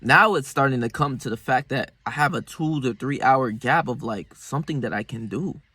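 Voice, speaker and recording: A young man, talking casually and rambling about his daily routine, swearing freely, with sudden bursts of loud excitement. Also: mid-range voice, normal speed, breathy edge, no room sound. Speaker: self-improvement vlogger. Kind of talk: casual motivational monologue.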